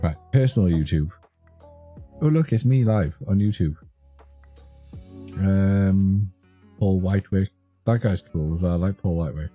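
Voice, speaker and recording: A young man with a low, dark voice chats loosely with his stream viewers, wandering from one topic to the next and laughing at his own jokes. He talks from a home streaming setup, with soft music playing underneath. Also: a little slow, long pauses, highs cut off. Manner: rambling, joking, easily amused. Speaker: streamer chatting with live chat. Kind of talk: casual live-stream chat. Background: faint background music.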